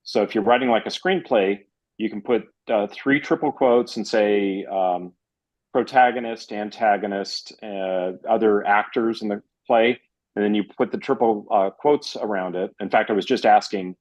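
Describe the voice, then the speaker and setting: A man in the audience asking a hesitant question full of pauses and restarts. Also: on the low side, low-quality recording.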